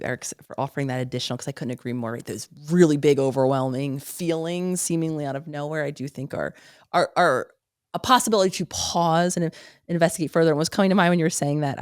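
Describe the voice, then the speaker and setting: A woman's voice: low-pitched, no room sound, studio quality. A woman who is a psychologist, speaking as a podcast guest in an earnest, storytelling way and laughing easily. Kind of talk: casual interview chat.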